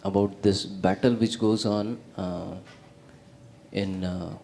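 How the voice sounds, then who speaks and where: A man asks a question from the audience. His voice sits low and he speaks politely, pausing often with halting fillers. A faint hum of noise runs beneath him. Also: fairly even intonation, creaky, dark tone. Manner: polite, hesitant, many fillers. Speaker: audience member asking a question.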